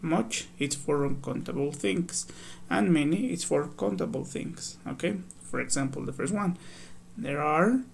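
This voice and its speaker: Male ESL teacher, gravelly, slightly high voice, patient step-by-step workbook walkthrough, faint hiss behind. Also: a little slow. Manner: patient, explains step by step, reads examples aloud. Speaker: English teacher.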